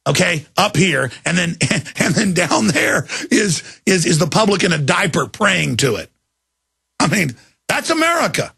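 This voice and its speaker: Raspy gravelly radio host guy, mocking rant, tense bright edge, dry studio sound. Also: fairly high pitch, no echo. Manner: mocking, mimics voices, laughs mid-rant. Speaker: radio talk show host. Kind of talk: ranting talk radio monologue.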